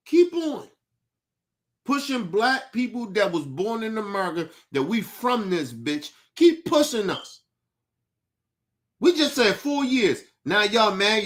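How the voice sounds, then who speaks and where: A man delivering a heated, profane rant as a podcast host, shouting and repeating himself. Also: high voice.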